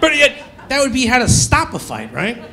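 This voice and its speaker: Lively, gravelly stand-up comedian. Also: male voice, very high-pitched, a little fast. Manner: animated, acts out characters. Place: comedy club stage.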